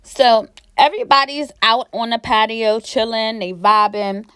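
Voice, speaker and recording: A woman's voice: on the high side, steady tone, unhurried, fairly bright tone, smooth, no room sound, clean studio sound. A young woman from Pennsylvania recapping a reality show in a sassy, gossipy, casual way, laughing often.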